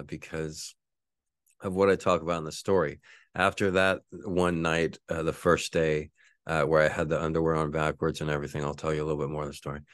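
Deep-voiced man telling a laughing story. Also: dry recording, studio quality. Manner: laughing, profane, rambling. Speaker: podcast host. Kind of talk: casual storytelling.

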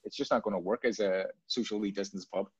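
A man talks in a low, unhurried voice, circling back and repeating words as he works through his points. The sound is dull and lo-fi, with a dry, close feel and no room echo. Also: steady tone, breathy edge. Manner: rambling, repeats words and restarts often. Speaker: bar owner guest. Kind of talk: casual interview chat.

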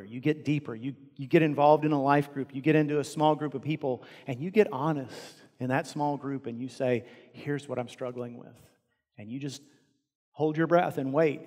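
A man with a Texan accent preaching a sermon as pastor, earnest, swinging from loud emphasis down to hushed, quiet lines. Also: medium pitch, long reverb tail. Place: large church sanctuary.

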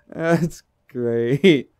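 A man's voice: on the high side, darkish tone, clean tone, no echo, clean studio sound. A man streaming a game, giving live commentary, laughing often and talking to the character on screen and to his viewers.

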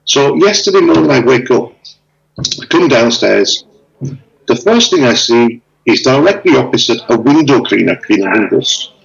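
A man chatting casually on a video call, telling stories with lively acted-out dialogue. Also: mid-range voice, normal speed, gravelly, muffled recording. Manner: animated storyteller, acts out dialogue. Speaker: interviewee.

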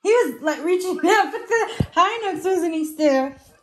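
A woman's voice: extremely high pitch, expressive, unhurried. A woman hosting a casual reaction to a clip, asking her co-viewer to agree with her remarks.

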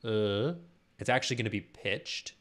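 Guy vocal coach on youtube, lowish voice, walks you through diction step by step. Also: normal speed, a bit bright. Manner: patient step-by-step explaining with sung and spoken demonstrations. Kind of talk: YouTube singing lesson.

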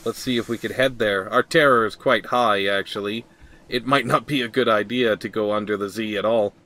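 A man's voice: on the low side, steady tone, a little fast, sharp tone. A man hosting a game playthrough, reading the game's text aloud and thinking aloud with hesitant ums and hmms. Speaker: let's play host.

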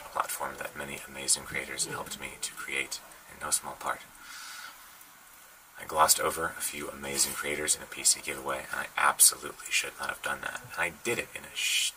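A man giving a recorded apology as a company head, contrite and halting. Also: very deep voice, little pitch movement. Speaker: company CEO. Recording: distant mic with faint noise.

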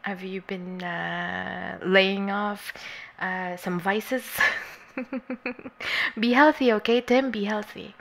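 A woman streamer chatting casually with her viewers, bubbly and giggly, greeting each one and sometimes dropping into a soft, coaxing near-whisper. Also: medium pitch, steady tone, very slow, creaky, pauses often. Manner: bubbly, giggly and scatterbrained, greets chat warmly. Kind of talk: casual live-stream chat.

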